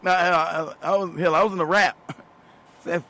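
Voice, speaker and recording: A man's voice: high-pitched, fairly even intonation, slow, pauses often, sharp tone. A man in his fifties hosting a show, telling loose, profane stories, laughing often and repeating himself as he goes. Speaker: show host. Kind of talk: casual storytelling monologue.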